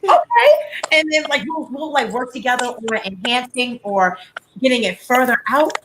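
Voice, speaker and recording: Woman host of a home live stream, slightly high, animated and chatty, faint background noise. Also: moderate pace. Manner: chatty and animated, frequent "like" fillers. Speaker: host of a live beauty chat. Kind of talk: casual live-stream chat.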